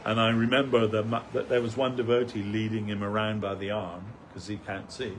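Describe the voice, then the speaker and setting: A man's voice: fairly low pitch, flat delivery, fairly quick, slight background noise. An older man giving a rambling, anecdotal remembrance talk as a devotee speaker at a temple festival, with many fillers, restarts and chuckles.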